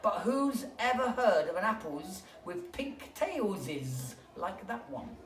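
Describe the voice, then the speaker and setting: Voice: mid-range voice, big pitch swings, pitched above the performer's own voice. A reader hissing as a sly hungry snake. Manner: hissing, drawn-out words. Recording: echoey room, distant mic, background noise.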